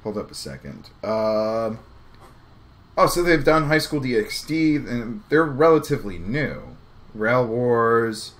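Animated, bright-voiced man reacting to anime. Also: medium pitch, slow. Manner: excitable, chatty, thinks aloud with many fillers. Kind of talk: live reaction commentary.

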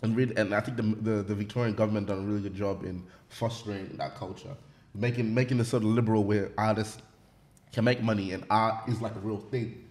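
A young man from Australia hosting a casual podcast conversation, talking in an animated, emphatic way and peppering his lines with "man". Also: on the low side, fast. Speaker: podcast host.

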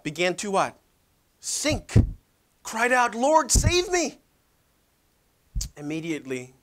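High-voiced pastor quizzing his audience. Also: a bit bright. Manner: conversational, asks the audience rhetorical questions. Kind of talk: sermon. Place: church.

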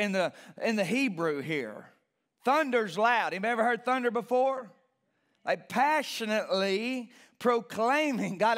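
A man's voice: sits high, a bit bright. A male pastor preaching a passionate sermon in a church, repeating key phrases and building emphasis. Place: church sanctuary.

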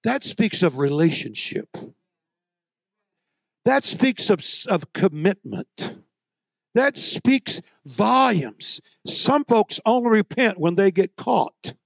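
A man preaching a sermon, moving between soft, low storytelling and loud, shouted exhortation. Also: very animated, slow pace, gravelly, no echo, clean studio sound.

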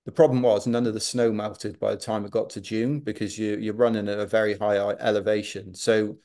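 A Welsh man speaks in a low, relaxed register. He tells his story with chatty, animated energy as a guest in a casual interview. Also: brisk. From Wales. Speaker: podcast guest, ultrarunner.

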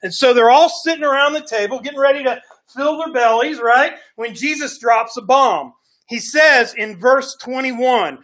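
A man's voice: very high voice, normal speed, a bit bright. A male pastor preaching a sermon in a folksy storytelling way, often checking in with "right?" and "okay?". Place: church sanctuary.

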